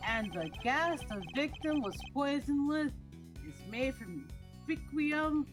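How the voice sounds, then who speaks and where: A woman voicing a boisterous, self-assured male game character with a booming, showy courtroom manner. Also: lively intonation, slow, over music. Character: boisterous, self-assured man who loves winning. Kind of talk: playing a video game character aloud.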